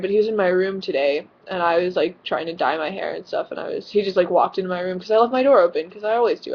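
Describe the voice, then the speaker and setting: A woman's voice: on the low side, dull audio. A teenage girl vlogging casually from her bedroom, rambling with lots of fillers and giggles. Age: teens. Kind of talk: casual vlog chat. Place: own bedroom.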